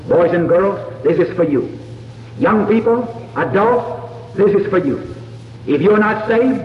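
A man preaching an altar call in an earnest, pleading tone, his voice rising and falling with wide swings of pitch. He sounds caught from far off in a large hall, with long reverb and a dull, lo-fi sound. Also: animated, a little hiss or hum. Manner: earnest, pleading, slow deliberate phrasing.

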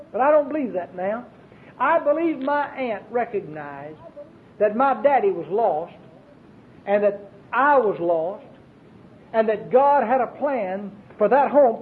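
A Baptist preacher, preaching an emphatic, storytelling sermon with many repeated phrases. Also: male voice. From Arkansas, US. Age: 40s. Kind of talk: fervent sermon. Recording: tinny lo-fi recording with faint hiss and rumble.

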